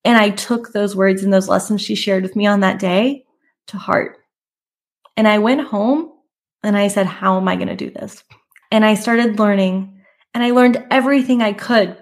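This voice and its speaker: A woman in her thirties hosts a podcast for photographers. She talks in a candid, conversational way at a middle pitch, with emphatic lifts on key points. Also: moderate pace. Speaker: podcast host and photography business coach. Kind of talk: personal storytelling monologue.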